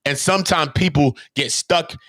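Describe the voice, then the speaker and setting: Animated slangy man, dry close mic. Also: fairly high pitch, normal speed, no echo. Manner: animated, emphatic, rhetorical questions, street slang. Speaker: vlogger. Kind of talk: casual talking-head commentary.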